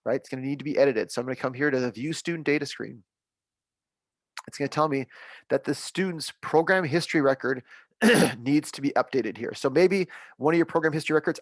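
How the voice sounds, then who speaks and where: A man running a software training webinar, upbeat and reassuring, repeating the key points as he walks through the screens. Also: mid-range voice, no room sound.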